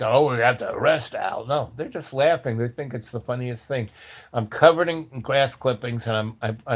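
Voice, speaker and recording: Older man telling a rambling story. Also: medium pitch. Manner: animated, acts out quoted voices; rambling with restarts. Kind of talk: casual storytelling.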